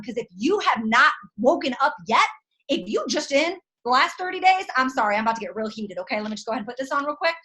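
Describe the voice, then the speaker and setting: At home at night, a woman fires up her sales team with a motivational pep talk, her high voice expressive, quick, pushed and bright. She talks emphatically, leans on slang, and shoots out punchy rhetorical questions.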